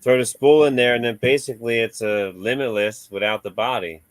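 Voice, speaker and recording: A man's voice: medium pitch, steady tone, a little fast, no room sound. A man in casual chat about remote-control cars, laid-back and chatty, laughing often.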